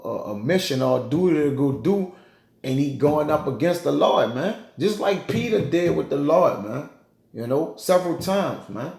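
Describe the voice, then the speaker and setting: Gravelly, loose-talking male Bible teacher. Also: fairly high pitch, a little mellow. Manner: loose and conversational, peppers talk with "man" and "you know". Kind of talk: casual scripture teaching. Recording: roomy echoey room.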